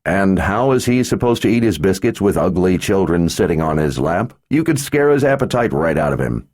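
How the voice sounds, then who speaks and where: A man's voice: low voice, very animated, moderate pace, darkish tone. A man narrating an audiobook, voicing a big, tough, protective father with a blunt, demanding drawl. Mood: stern. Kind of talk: audiobook character voice.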